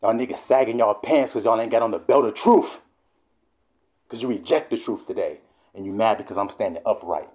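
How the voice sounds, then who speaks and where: A man preaching a fiery, profane sermon, swearing often and sometimes shouting. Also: fairly low pitch, fairly quick.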